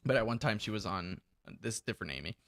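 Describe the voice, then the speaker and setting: A young man co-hosts a podcast with a gravelly, bright voice. He tells his work stories with big swings in pitch, acting out what people said and laughing often. The sound is close and dry. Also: fast talker, no echo. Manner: animated storyteller acting out quotes, laughing often. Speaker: podcast co-host. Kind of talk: casual chat, storytelling.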